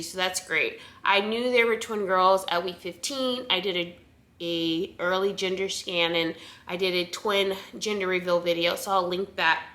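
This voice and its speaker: A woman's voice: on the low side, bright, forceful tone. A young woman chatting casually to camera in a vlog, a bit out of breath, with frequent ums and restarts. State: a little out of breath. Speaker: vlogger sharing pregnancy updates.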